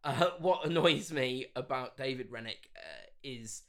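A man's voice: medium pitch, a little slow, fairly bright tone. A man co-hosting a casual podcast chat, sounding exasperated and stumbling through restarts as he criticizes a TV writer. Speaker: podcast co-host. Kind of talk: casual chat reviewing a TV episode.

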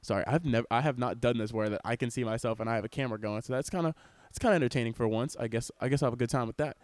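A young man talks fast and loose in a rambling, excitable podcast rant, cursing freely. His voice sits at an ordinary pitch and comes through close and dry, with no room sound around it. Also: no echo. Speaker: podcast host. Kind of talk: casual podcast chat. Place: in public on a cruise ship. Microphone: wearing headphones, laptop recording.

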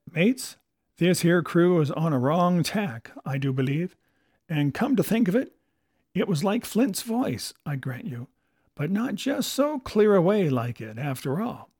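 A man's voice: fairly high pitch, big pitch swings, unhurried, darkish tone, dry recording, clean studio sound, full character voice. A man playing a jittery, superstitious pirate crewman. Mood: musing. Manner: rough sailor dialect.

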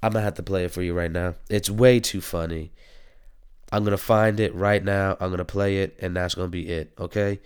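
A young man talking casually to camera about new music singles, slangy and animated, laughing and swearing often. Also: sits low, fairly quick, clear, resonant tone.

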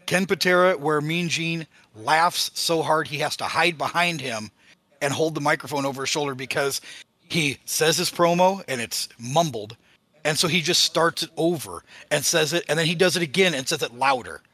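Chatty podcast host, bright forceful voice, dry close mic. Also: male voice, a little high, normal speed, no room sound. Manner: storytelling, laughs often, acts out quotes. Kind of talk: casual podcast chat.

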